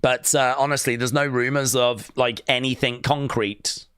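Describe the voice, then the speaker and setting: Bright, excitable male stream host. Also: medium pitch, normal speed, smooth, dry recording, clean studio sound. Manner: excitable, jokey, with sudden loud outbursts. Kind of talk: casual live-stream commentary.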